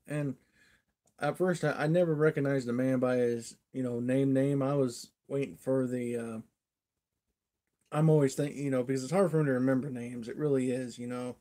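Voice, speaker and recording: A man's voice: mid-range voice, steady tone, normal speed, dark tone. A man hosting a casual livestream, telling a rambling folksy story and chuckling often. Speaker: livestream host.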